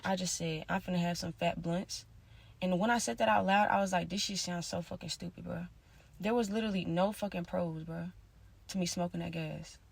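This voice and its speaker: A woman talking in a casual confessional monologue, rambling and slangy with constant fillers, drifting between soft mutters and louder bursts. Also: on the low side, fairly even intonation, fairly quick, creaky, slightly rough, no echo. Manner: rambling, slangy, many "like" and "you feel me". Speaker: vlogger.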